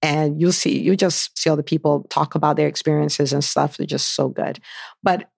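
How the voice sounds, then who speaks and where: A woman hosting a solo podcast, talking with eager, animated energy as she tells a story. Her voice has a gravelly fry at the edges. The sound is close and dry, with no room echo. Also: deep voice. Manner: enthusiastic, animated storytelling with repeated questions. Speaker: podcast host and physician business coach.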